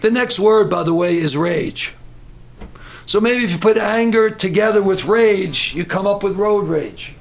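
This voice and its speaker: A middle-aged man preaching a sermon in an animated way, acting out voices and breaking into shouts. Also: high-pitched, unhurried.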